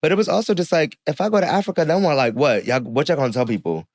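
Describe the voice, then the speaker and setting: A man's voice: on the high side, fast talker, few pauses, no room sound, studio quality. A young man, a podcast guest, telling a personal story in casual chat and acting out the people he quotes. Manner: animated storyteller who acts out the people he quotes.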